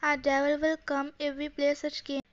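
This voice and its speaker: A woman's voice: sits high, monotone, moderate pace, natural voice. Woman voicing timid nervous young woman, hesitant, stammering, muffled lo-fi.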